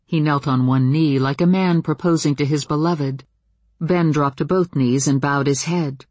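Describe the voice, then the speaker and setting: Lady audiobook narrator, kinda husky, super dry close mic, measured dramatic read. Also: low-pitched, fairly even intonation, darkish tone, no echo. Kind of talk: first-person fiction narration.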